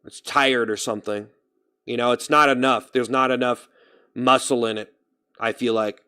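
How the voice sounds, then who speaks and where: Smooth-voiced young man streaming. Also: medium pitch, fairly even intonation, normal speed, sharp tone. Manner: rambling, thinks aloud about his own speaking voice. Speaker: live streamer. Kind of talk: casual livestream chat.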